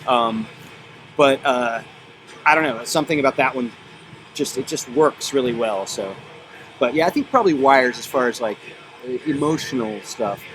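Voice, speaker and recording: A man being interviewed as a band member, talking in a relaxed, casual way with many ums and uhs. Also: medium pitch, moderate pace, rough recording. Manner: relaxed, filler-heavy, thinking aloud. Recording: loud music in the background.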